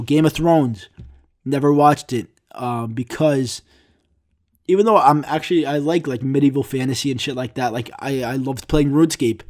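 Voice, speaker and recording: A man's voice: medium pitch, a little mellow. A young man hosting a solo podcast, rambling through a casual rant with frequent swearing and self-mocking asides. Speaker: podcast host.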